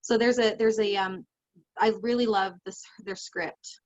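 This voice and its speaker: A woman life coach leading a guided session over a video call, emotional and animated, laughing often as she talks. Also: mid-range voice, a little slow, no room sound, dull audio.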